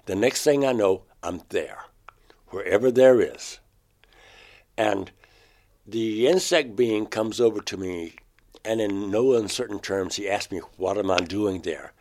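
Halting, low-voiced man recounting an experience. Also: a little mellow. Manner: halting, restarts mid-phrase, voice rising sharply when quoting himself. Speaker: interview guest, painter.

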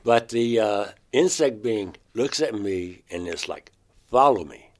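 In an interview, a painter recounts a strange personal experience, halting and restarting mid-phrase, his pitch climbing sharply whenever he quotes himself. His voice is lowish and darkish, with lively intonation.

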